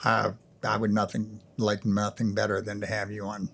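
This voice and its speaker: A man's voice: fairly low pitch, completely flat delivery, moderate pace, vocal fry, a bit bright. An older man, a boat captain guest, telling stories in a blunt, salty and earnest way. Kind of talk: casual storytelling.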